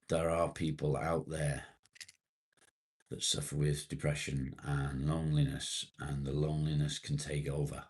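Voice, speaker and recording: A man with a British accent, hosting a casual live stream and chatting with viewers. He reads their comments aloud, relaxed and conversational, with casual swearing. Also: rumbling low.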